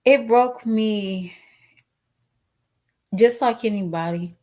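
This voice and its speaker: In this casual commentary vlog, a woman with a higher-side voice and darkish tone takes her time talking straight to viewers. Her manner is casual, outspoken and emotional, occasionally tearful with a cracking voice.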